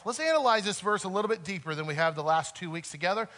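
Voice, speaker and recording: A man preaching a sermon earnestly, swinging between loud emphasis and soft, quiet moments. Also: high-pitched, quick pace, hardly any pauses. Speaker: pastor.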